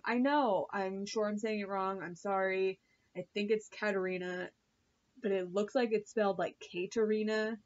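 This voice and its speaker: A woman's voice: medium pitch, highs cut off. A woman vlogger reviewing a TV episode in a chatty, gushing way, full of fillers and swearing. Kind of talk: casual chat.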